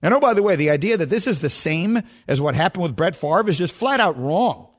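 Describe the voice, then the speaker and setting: Animated, high-pitched sports radio man. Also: a little fast. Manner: emphatic, rhetorical questions, animated. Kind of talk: opinionated sports radio commentary.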